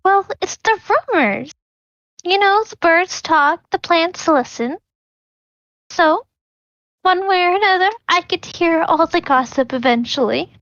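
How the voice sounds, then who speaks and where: A woman's voice: very high voice, animated, unhurried, a bit bright, no echo, dull audio. A woman playing a tabletop game, chatty and playful. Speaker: player. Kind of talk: casual tabletop game play.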